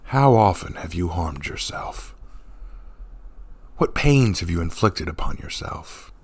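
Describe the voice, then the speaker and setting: A man reading a calm, slow-spoken monk. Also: fairly low pitch, vocal fry, slight background noise, heavily acted. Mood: gentle.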